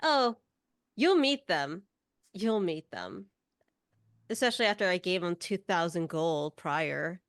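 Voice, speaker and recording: A woman's voice: fairly low pitch, a little slow, clean tone, no echo, studio quality. A woman playing a tabletop role-playing game, talking in a coy, evasive way. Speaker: player. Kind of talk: in-character tabletop play.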